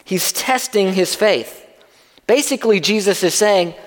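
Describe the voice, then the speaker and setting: High-voiced man preaching in a hall. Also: measured pace. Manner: conversational, asks the congregation questions. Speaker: pastor. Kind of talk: sermon. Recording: long reverb of a large hall.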